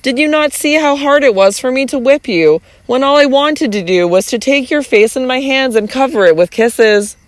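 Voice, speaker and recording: An audiobook reader voicing an imperious, teasing young noblewoman who speaks calmly and with control. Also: sits high, moderate pace, hardly any pauses, no echo, pitched above the performer's own voice, close to an everyday voice. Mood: playful. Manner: cool and commanding, then playful. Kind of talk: audiobook reading.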